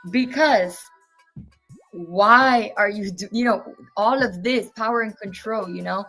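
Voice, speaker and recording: A woman's voice: mid-range voice, a little slow, fairly bright tone, faint music behind. A woman in her twenties, a guest telling a personal story in an earnest, indignant way and acting out each exchange as she goes. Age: 20s.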